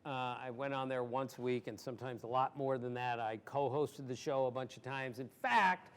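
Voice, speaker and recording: A man in his sixties from Maryland, guest at an audience Q&A, telling stories in an animated, emphatic way and laughing easily. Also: medium pitch, normal speed. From Maryland, USA. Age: 60s. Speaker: guest sportswriter. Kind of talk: storytelling in an audience Q&A.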